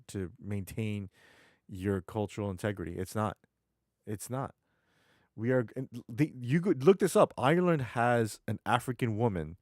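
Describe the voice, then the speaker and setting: A man's voice: fairly low pitch, a little mellow, no room sound, clean studio sound. A man streaming, talking casually in a rambling, emphatic way with many restarts. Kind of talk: casual chat.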